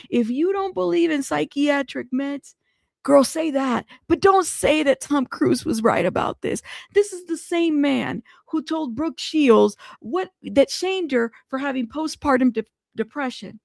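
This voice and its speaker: Gravelly voice, fairly high pitch, dry close sound, animated pleading host. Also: female voice, measured pace, dry recording. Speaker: live news show host. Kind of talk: casual commentary.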